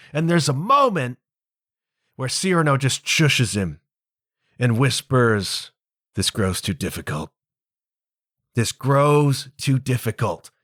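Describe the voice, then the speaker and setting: A man hosting his own podcast, retelling a famous play scene in a casual, emphatic, animated monologue with bits of slang. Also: mid-range voice, no echo, clean studio sound. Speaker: podcast host.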